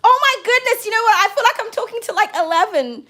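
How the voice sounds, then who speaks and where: A woman reading tarot cards on a livestream, bubbly and excitable, swearing casually and calling viewers darling. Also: very high voice, fast.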